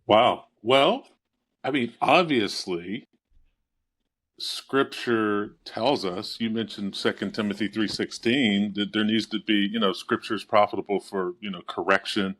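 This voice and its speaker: Male podcast guest, low voice, thoughtful, affirming. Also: fairly bright tone. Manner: thoughtful, affirming, quick to agree. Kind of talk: conversational theology discussion.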